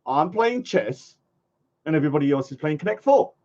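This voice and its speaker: A man's voice: on the high side, big pitch swings, fairly quick, darkish tone. A man, vlogging casually to a live chat, rambling and mocking his critics. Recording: dull lo-fi sound.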